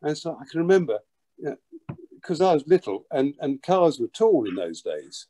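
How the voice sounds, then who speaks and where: With a warm, sing-song, somewhat high-pitched voice, an older man who is a drummer shares an anecdote from his past during an interview, speaking at normal speed. He animatedly acts out scenes, stumbling, repeating words, and sprinkling in "you know."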